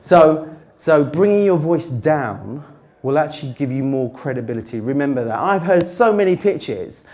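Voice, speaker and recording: Man coaching on pitching, voice slightly worn. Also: animated, darkish tone. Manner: varied pitch with dramatic pauses and drops. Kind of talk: conference talk. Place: conference stage.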